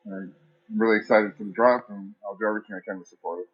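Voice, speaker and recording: A man with a somewhat low voice talks in casual voice chat. He sounds enthusiastic and rambling as he praises a friend. The audio is dull and lo-fi. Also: steady tone, quick pace, husky. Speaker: community member.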